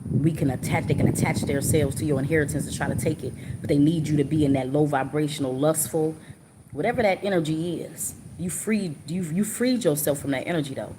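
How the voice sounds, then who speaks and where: A woman's voice: low voice, a little fast, noisy background. A woman giving a live tarot reading, channeling messages in an earnest, emotional and informal way, often repeating herself.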